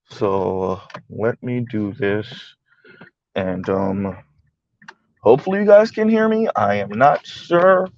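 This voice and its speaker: A man's voice: medium pitch, dry recording, muffled recording. A man hosting a live stream, ranting and mocking as he comments, often swearing and laughing.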